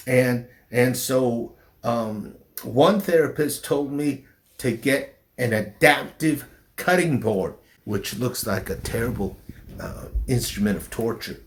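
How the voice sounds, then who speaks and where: A middle-aged man with a faint southern drawl talks about his life in a frank interview. He speaks very slowly, pausing and restarting his sentences, at an ordinary pitch. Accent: slight southern drawl since his stroke. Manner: slow, halting speech with restarts after a stroke. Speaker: pastor. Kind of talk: personal interview.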